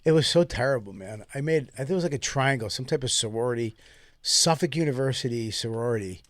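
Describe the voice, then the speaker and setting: A man's voice: medium pitch, fast talker, no echo, studio quality. A man, telling crude stories as a podcast co-host and laughing a lot. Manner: profane, laughing storyteller. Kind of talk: casual chat.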